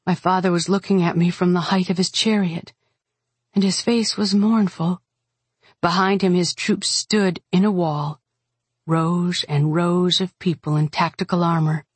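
Slow, husky woman narrating an audiobook. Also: on the low side, steady tone, no room sound. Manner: intense, dramatic reading with cries in character. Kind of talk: first-person audiobook narration.

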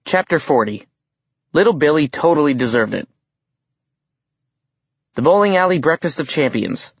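A man's voice: a little high, lively intonation, moderate pace, breathy edge, dry recording. A man reading an audiobook aloud in a wry storytelling manner. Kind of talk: audiobook narration. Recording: dry, dull audiobook recording.

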